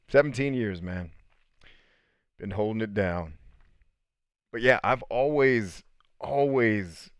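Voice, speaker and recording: A man's voice: low-pitched, no room sound. A man in his thirties hosting a casual live stream, telling stories and reading viewer comments aloud. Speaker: host.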